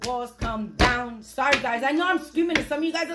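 A woman doing a spiritual reading as an emphatic, repetitive pep talk, sometimes bursting into shouts. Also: high-pitched, fairly quick. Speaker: spiritual reader channeling messages. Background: music playing.

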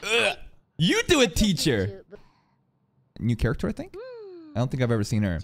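A man reacting live to an anime episode, excitable and profane, talking back at the screen. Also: fairly high pitch, moderate pace.

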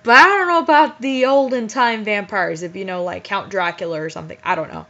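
A woman's voice: mid-range voice, a little fast, fairly bright tone. A woman reading bad fanfiction aloud and breaking off for incredulous, exasperated commentary. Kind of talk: dramatic reading with mocking commentary. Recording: muffled lo-fi recording.

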